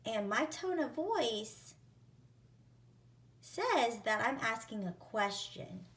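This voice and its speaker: Woman teacher, spelling lesson, very slow, careful sounding out of words. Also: fairly high pitch, sing-song, a bit bright. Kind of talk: early-reading spelling lesson.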